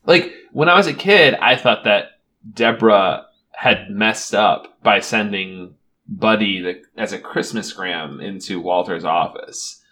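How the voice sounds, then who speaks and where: A man's voice: on the low side, unhurried, pushed and bright. A young man co-hosting a casual film podcast, chatty and laughing often. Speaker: podcast co-host. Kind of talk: casual chat about a film.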